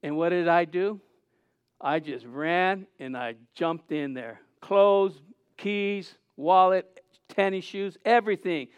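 A middle-aged man preaching a sermon as pastor, earnest with halting restarts, rising to loud cries. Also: high-pitched, clean tone, no echo.

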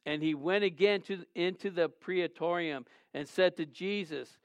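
A man's voice: high-pitched, unhurried, dry recording, lo-fi sound. A man preaching a sermon, reading scripture aloud and asking his listeners questions, rising with emphasis on key words. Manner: addresses listeners directly with questions. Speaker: pastor.

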